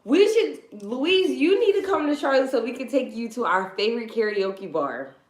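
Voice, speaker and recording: A young woman talking in an animated, sassy way in a casual travel vlog. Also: fairly high pitch, moderate pace. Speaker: travel vlogger. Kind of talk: casual chat. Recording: echoey room, faint noise.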